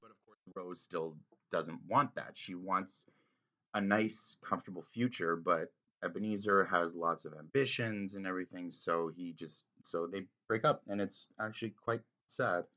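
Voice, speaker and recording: A man's voice: deep voice, normal speed, sharp tone. A man giving casual, rambling spoken commentary on a story, full of fillers and restarts. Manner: rambling, filler-heavy, enthusiastic. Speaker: reader discussing a classic story.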